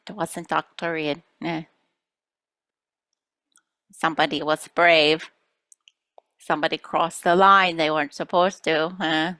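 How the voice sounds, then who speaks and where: A woman's voice: deep voice, level tone, unhurried, pauses often, sharp tone, no room sound. A woman channeling spirit guides for a group, speaking as "we" in a playful storytelling manner.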